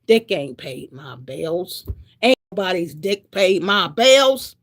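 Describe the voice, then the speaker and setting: Blunt, gravelly woman in her sixties. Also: lowish voice, sing-song, slow. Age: 60s. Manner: blunt, repetitive, preaching. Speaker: vlogger. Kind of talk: preachy monologue to camera.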